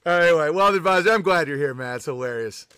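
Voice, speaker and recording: A man's voice: fairly high pitch, animated, fast talker, pushed and bright, smooth, dry recording. A young adult man hosting a podcast, ranting in a profane, mocking comedic style about politics. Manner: profane, mocking, acts out voices. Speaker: podcast host.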